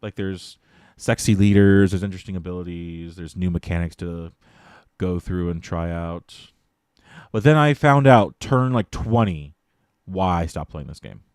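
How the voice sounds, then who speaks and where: A man's voice: deep voice, unhurried, a little mellow, clear, resonant tone, no echo, clean studio sound. A male streamer chatting casually on a live stream and ranting animatedly, with plenty of swearing.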